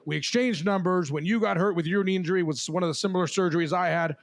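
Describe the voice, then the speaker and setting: A man hosting a podcast, animated and laughing as he tells a long story among friends. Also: sits high, fast talker. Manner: animated, swears, laughs while telling stories. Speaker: podcast host. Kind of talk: storytelling in casual chat.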